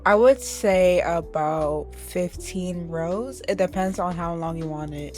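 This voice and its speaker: Chatty young woman with a lowish voice. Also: darkish tone. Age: young adult. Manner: chatty, playful, addresses viewers as y'all, laughs at herself. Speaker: crochet vlogger. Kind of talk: casual tutorial voice-over.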